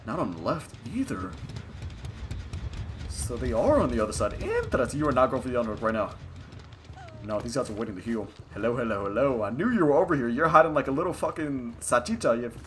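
A young man giving excited, profane live commentary while playing a video game and talking at his opponents. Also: mid-range voice, brisk, a little hiss or hum. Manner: hyped, profane, talks to opponents on screen. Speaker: gaming streamer. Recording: game music behind the voice.

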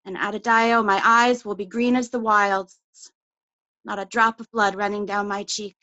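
A woman giving a measured, intimate poetry reading over a video call, her phrases trailing off quietly. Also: medium pitch, flat delivery, no echo, lo-fi sound. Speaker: poet.

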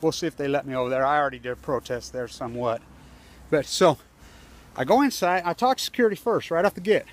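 This American protester, filming himself by a building entrance outdoors, talks fast in a rather high voice with lively intonation. He rages on camera, cursing heavily and repeating himself a lot.

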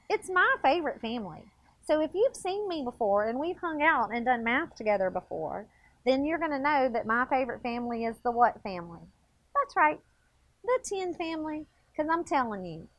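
A woman's voice: sits high, no room sound. Bubbly woman teaching kids. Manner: playful, animated, talks straight to kids. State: a little out of breath. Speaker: second grade teacher. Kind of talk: TV math lesson for children.

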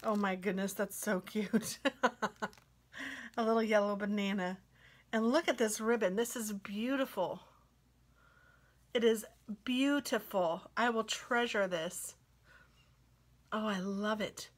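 A woman craft vlogger chatting casually as she unboxes mail, gushing sweetly and sometimes dropping to a soft whisper. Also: medium pitch, slow pace, pauses often.

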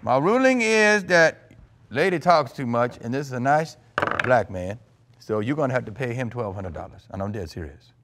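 A man hosting a prank courtroom, improvising as a mock-stern judge. He sits at a middle pitch and hammers the same lines again and again. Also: animated, normal speed, noisy background. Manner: mock-stern, repeats himself insistently.

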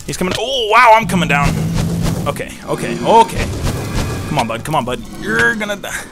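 A man giving excited gameplay commentary, repeating phrases rapidly under pressure. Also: sits high, gravelly. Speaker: gameplay channel host. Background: loud background music.

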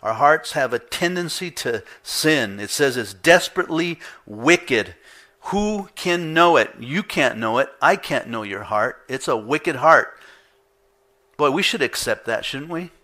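A male pastor delivers a conversational sermon, posing rhetorical questions and repeating points for emphasis. His mid-range voice has lively intonation and a measured pace, sounding pushed and bright.

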